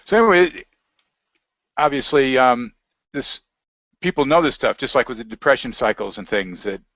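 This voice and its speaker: A man's voice: mid-range voice, lively intonation, normal speed, fairly bright tone, no room sound. A man talking casually as an interview guest, rambling and reading aloud from web pages. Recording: dry, dull lo-fi audio.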